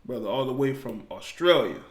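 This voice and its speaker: A laid-back man hosts a live call-in show, talking loosely and slangily. He chuckles often as he reads out his viewers' comments, in a voice of middling pitch. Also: lively intonation, fairly quick. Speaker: livestream talk show host. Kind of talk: casual livestream chat, reading out viewer comments.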